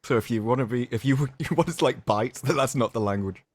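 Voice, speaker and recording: A man's voice: medium pitch, fairly quick. A man from Britain on a casual panel, wry and opinionated. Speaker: panel guest.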